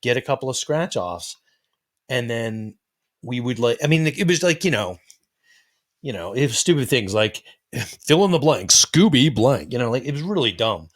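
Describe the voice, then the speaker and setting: A man's voice: mid-range voice, expressive. A middle-aged man co-hosting a podcast, reminiscing in casual chat and tossing in wisecracks. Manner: wisecracking, quick jokey interjections. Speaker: podcast co-host.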